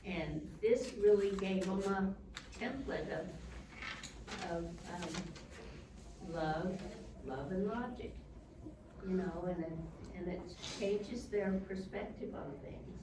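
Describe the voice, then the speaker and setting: A woman in the audience making a slow, unhurried comment during a church seminar. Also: medium pitch. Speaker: audience member. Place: church hall. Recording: distant, echoey, noisy room.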